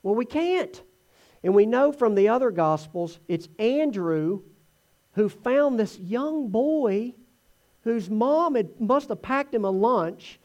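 A man giving a conversational sermon, telling the Gospel story in an animated way. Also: sits high, takes it slowly. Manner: animated storytelling, acts out voices in quotes. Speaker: preacher teaching from the Gospels.

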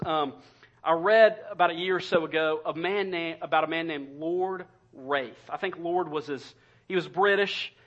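A man's voice: on the high side, a bit bright. A man preaching an impassioned sermon as a pastor, repeating his points for emphasis. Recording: dull lo-fi sermon recording.

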